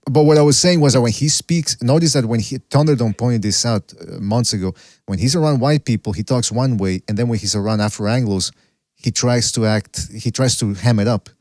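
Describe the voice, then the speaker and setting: Brief: male podcast host, mid-pitched, dry close sound, blunt and profane, stumbles over his starts. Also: fairly quick, a little mellow, no room sound. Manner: blunt, profane, stammers and repeats himself. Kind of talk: casual boxing chat.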